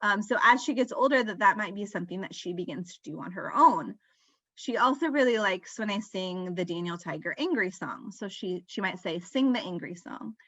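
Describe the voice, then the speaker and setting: A woman in her thirties with a bright, forceful voice gives a relaxed webinar talk on parenting. She explains things conversationally and uses relatable examples. The sound is dry and a little dull, like a lo-fi recording. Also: medium pitch, a little fast, no room sound. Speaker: parenting workshop presenter. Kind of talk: live webinar presentation.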